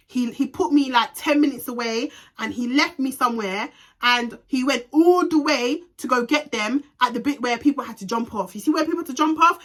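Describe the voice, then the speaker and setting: Bright-voiced woman ranting through a storytime. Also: a little high. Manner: animated, ranting, heavy swearing; slips in Jamaican patois slang. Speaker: vlogger. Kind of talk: storytime vlog.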